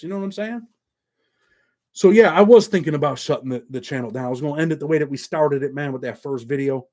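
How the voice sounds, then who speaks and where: A man's voice: a little high, quick pace, darkish tone. A middle-aged man hosting his own channel, talking to viewers in a blunt, streetwise and profane way. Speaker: YouTube channel host. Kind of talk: casual monologue to viewers.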